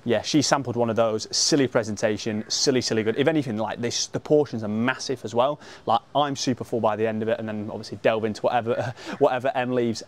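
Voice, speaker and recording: A man's voice: medium pitch, fairly even intonation, quick pace, few pauses. A young man, a travel vlogger, talking casually and upbeat, with lots of slang, outdoors by a beach.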